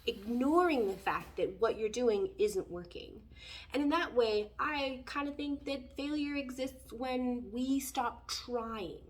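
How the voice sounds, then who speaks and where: A woman's voice: fairly high pitch, far from the mic. A woman giving a casual tarot reading in a rambling, conversational way, full of fillers. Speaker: tarot reader.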